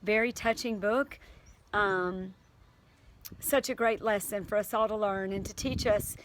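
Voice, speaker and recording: A woman's voice: mid-range voice, steady tone, measured pace, slight background noise. A woman teacher reading aloud to her class and then talking it over earnestly, with fillers and restarts.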